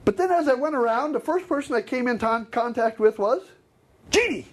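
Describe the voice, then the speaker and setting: A man's voice: very high-pitched, a little fast, a little hiss or hum. A middle-aged man giving a live customer service training seminar, joking and acting out customers. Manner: animated, joking, acts out customers.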